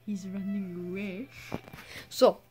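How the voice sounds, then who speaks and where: A woman's voice: medium pitch, little pitch movement, takes it slowly, darkish tone, slight background noise. A girl narrating a silly toy-play video, giggly and teasing, with mock-dramatic moments. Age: teens. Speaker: video maker. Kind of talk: playful toy-play commentary.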